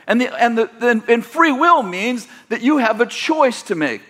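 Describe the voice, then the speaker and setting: High-voiced male preacher, rambling. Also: expressive, moderate pace, a bit bright. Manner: rambling, self-correcting, leads the congregation in call-and-response. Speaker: pastor. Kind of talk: sermon.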